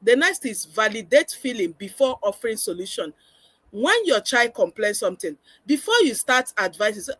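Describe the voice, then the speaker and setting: A woman's voice: on the high side, sing-song, moderate pace, a bit bright, slightly rough, dry recording. A woman giving a parenting webinar lecture, earnest and instructive, often acting out how parents should talk with children. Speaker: parenting coach.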